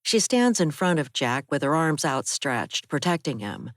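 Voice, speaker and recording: A woman reading a first-person thriller as an audiobook narrator, steady and measured. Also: low voice, dry recording, studio quality.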